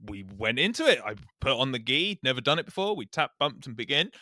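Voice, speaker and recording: A man's voice: mid-range voice, big pitch swings, a little fast, sharp tone, no echo, clean studio sound. A man co-hosting a podcast, telling a story in casual chat, laughing often and swearing. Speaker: podcast co-host.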